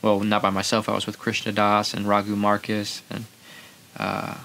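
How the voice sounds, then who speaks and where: Male podcast host, casual rambling storyteller, gravelly low voice. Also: completely flat delivery, normal speed, a bit bright, a little hiss or hum. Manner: rambling, loose storyteller acting out quotes.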